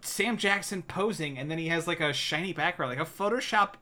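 Bright, sarcastic laughing man. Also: on the high side, brisk. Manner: laughs often, sarcastic, acts out lines from the film. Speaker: podcast co-host. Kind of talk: casual movie-review chat.

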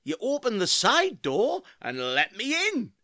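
Man playing an excitable, scheming pub regular. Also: sits high, measured pace, no echo, clean studio sound, heavily acted. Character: scheming beer-loving British bloke, excitable. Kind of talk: comedy audio play acting.

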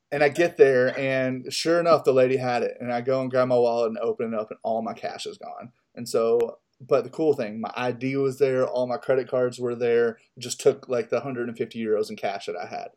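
A man's voice: mid-range voice, level tone, moderate pace, darkish tone. A man co-hosting a podcast, telling a story in a loose, profane, casual way and laughing at himself. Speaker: podcast co-host.

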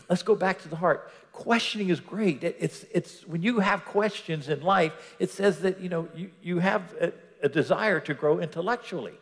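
A man preaching a sermon with animation, acting out scenes and dropping to hushed tones between louder lines. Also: high-pitched, fairly quick. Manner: animated, acts out Bible scenes with voices, swings between loud and hushed. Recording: reverberant hall.

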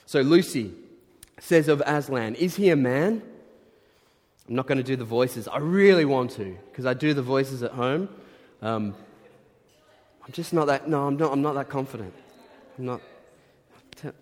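A man's voice: medium pitch, normal speed, pauses often, a little mellow. A man preaching a sermon in a chatty, playfully self-deprecating way. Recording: long reverb in large hall.

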